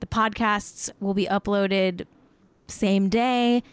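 Smooth-voiced young woman hosting a podcast. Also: medium pitch, fairly even intonation, slow pace, no echo. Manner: frank, swears freely, heavy use of "like". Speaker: podcast host. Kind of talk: casual chat. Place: at home at her desk.

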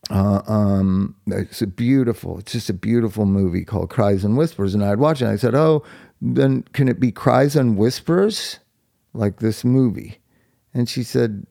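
A man's voice: fairly low pitch, vocal fry, dark tone, dry recording, clean studio sound. A middle-aged man talking candidly in a blunt, profane and heartfelt way, rambling and restarting his sentences. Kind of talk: candid monologue.

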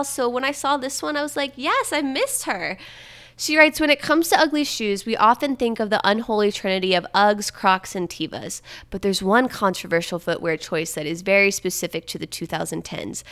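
Young female podcast host, playful and chatty, smooth clear tone, mid pitch. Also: pushed and bright. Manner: chatty and playful, reads quotes aloud. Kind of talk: casual chat.

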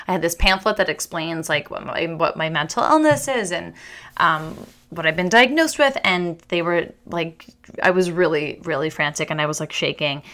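A young woman hosts a podcast in a loose, rambling chat, breaking off and restarting her sentences and laughing at herself as she goes. Her voice sits a little low for a woman, yet it has a bright, forward edge. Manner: chatty, rambling, self-deprecating, with restarts and quick laughs. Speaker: podcast host. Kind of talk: casual chat monologue.

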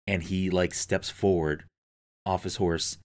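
A man's voice: low-pitched, little pitch movement, takes it slowly. A man chatting casually and enthusiastically, swearing often and using lots of fillers. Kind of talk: casual podcast chat.

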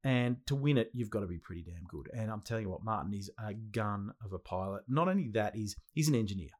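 A man's voice: on the low side, expressive, fast. An Australian man hosting a casual podcast interview, enthusiastic and slangy, often repeating himself. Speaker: podcast host.

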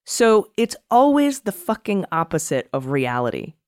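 Woman, podcast co-host, blunt and casual, smooth voice, dry recording. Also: on the low side, big pitch swings, normal speed, darkish tone, no room sound. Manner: blunt, casual, swears, laughs at her own jabs. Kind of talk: casual political commentary.

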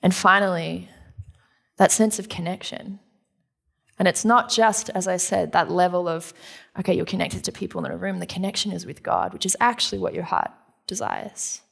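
A woman pastor delivers a sermon in an earnest, conversational tone. Her voice sits a little low for a woman. She slips into casual acted-out quotes as she preaches. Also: steady tone, moderate pace, creaky, fairly bright tone, slightly rough.

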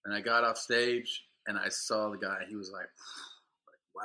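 Bright-voiced man telling profane stories. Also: on the low side, steady tone, normal speed. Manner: profane, swings into mock voices for others in his stories. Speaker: comedian guest. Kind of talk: casual podcast chat, storytelling.

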